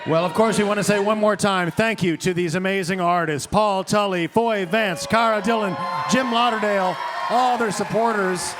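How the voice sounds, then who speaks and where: A man on a live concert stage giving enthusiastic wrap-up announcements in a fairly high voice. He sounds eager and promotional, urging listeners to follow the show. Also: normal speed, music in the background, crowd noise. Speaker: show interviewer.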